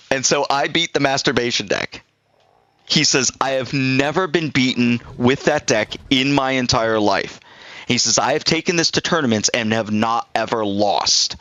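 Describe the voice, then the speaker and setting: Rambling through an anecdote on a live stream, a middle-aged man voices both sides of the exchange himself. He speaks at a measured pace in a medium, sharp-toned voice, with dull audio and no room sound.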